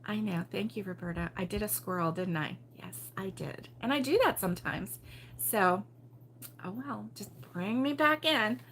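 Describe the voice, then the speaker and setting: A woman's voice: mid-range voice, moderate pace, a bit bright, slight background noise. An older woman from Baltimore hosting a casual crochet livestream, chatty and giggly, rambling with lots of ums. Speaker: crochet show host.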